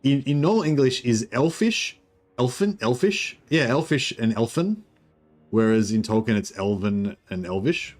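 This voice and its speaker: A man's voice: mid-range voice, animated, normal speed, faint music behind. A man giving casual, rambling commentary on a strategy game, thinking aloud with many fillers and restarts. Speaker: streamer.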